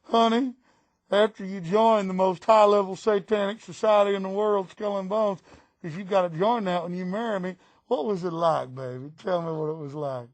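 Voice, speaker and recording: A man's voice: sits high, moderate pace, dry recording. A man voicing a smug, boastful mock Texan politician in a put-on Texan drawl, mocking and cackling. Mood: cooing. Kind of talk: political satire impression.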